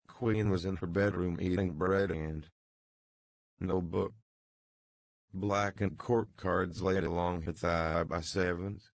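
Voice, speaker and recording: A man narrating a literary novel as an audiobook, reading in a measured, even way. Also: sits low, gravelly, dry recording.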